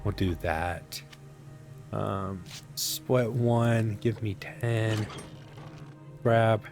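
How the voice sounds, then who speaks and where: A man's voice: on the low side, extremely slow, a little mellow, soft background music. A man casually commenting on his own survival gameplay, rambling to himself with sarcastic asides. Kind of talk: casual let's-play commentary.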